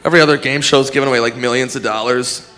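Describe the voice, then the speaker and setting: A male stand-up comedian ranting about game shows, breaking into loud outbursts. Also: medium pitch, very fast. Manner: loud, excitable rants with shouted outbursts. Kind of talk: stand-up routine.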